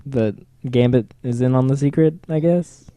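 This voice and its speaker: A man's voice: medium pitch, normal speed, mellow, no echo. A man co-hosting a podcast, chatting casually about TV episodes with joking, sarcastic asides. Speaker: podcast co-host. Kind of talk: casual TV recap chat.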